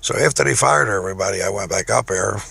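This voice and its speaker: A middle-aged man tells his own story in a rough, gravelly voice with a husky edge. He talks casually and gets indignant, his voice rising when he quotes what he said. The recording is close and dry, with no room sound. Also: on the low side, fast talker, no room sound. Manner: indignant, animated when quoting himself. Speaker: business owner telling his story. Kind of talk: casual first-person storytelling.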